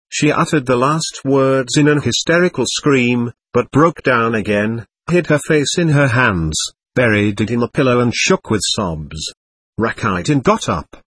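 Male audiobook narrator, husky voice, dry recording, dramatic reading. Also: medium pitch, expressive, normal speed, a bit bright, no room sound. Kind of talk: scripted narration of a classic novel.

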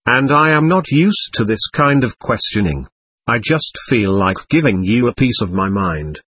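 A man reading aloud as an indignant, bewildered ghost who denies being dead, in a husky voice. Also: medium pitch, big pitch swings, normal speed, fairly bright tone, dry recording. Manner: defiant, suspicious and bewildered. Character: indignant confused ghost of a dead adult, hostile.

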